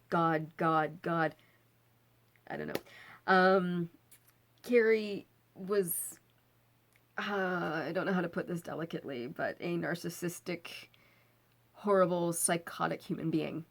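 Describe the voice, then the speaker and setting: A tired woman in her thirties tells a creepy personal story straight to the camera. She talks casually and jumps in voice whenever she quotes people, going bright and high for the chatty ones and low for her own dread. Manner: animated, acts out quotes with voice changes. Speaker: vlogger.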